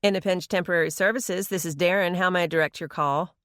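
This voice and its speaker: A woman puts on a chirpy young male receptionist in an audiobook, over-polite and upbeat, pitched a bit higher. The sound is dry and close. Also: steady tone, quick pace, a bit bright, dry recording, natural voice.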